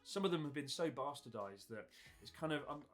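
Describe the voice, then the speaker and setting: A man's voice: a little high, expressive, a little fast. Explaining man over faint music. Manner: explanatory, laughs while telling. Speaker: video presenter. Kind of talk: casual chat.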